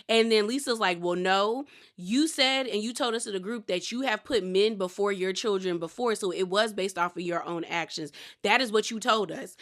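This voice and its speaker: Bright-voiced woman doing a reality tv recap, chatty, opinionated, says girl a lot. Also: medium pitch. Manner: chatty and opinionated, calls people girl, quotes cast members. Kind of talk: casual recap commentary.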